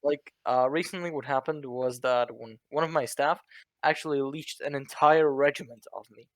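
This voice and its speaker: A man's voice: medium pitch, normal speed, no echo. A young man with a Czech accent chatting casually on a voice call, laughing often and restarting his sentences. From Czech Republic. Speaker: online roleplay group leader. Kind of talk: casual voice chat.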